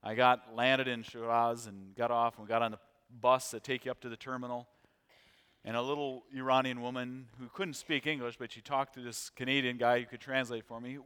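A middle-aged American man preaching a sermon, telling stories in a conversational, animated way and asking the congregation questions. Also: medium pitch, fairly quick, clean tone. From United States. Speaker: visiting missions preacher. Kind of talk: sermon with storytelling. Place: church sanctuary. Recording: long reverb of a large church hall.

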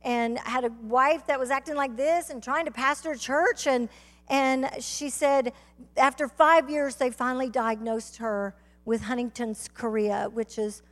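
High-voiced Southern woman preaching in a hall. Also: steady tone, measured pace. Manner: fervent storytelling preacher, rising to shouts. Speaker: guest speaker. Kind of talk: testimony sermon. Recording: reverberant hall.

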